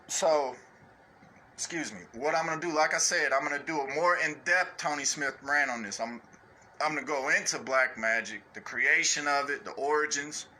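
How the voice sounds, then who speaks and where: There's slight background noise as this online ranter, his voice sharp in tone, delivers a blunt, profane, unscripted rant. He repeatedly asks "you know what I'm saying" and ridicules others with high put-on voices.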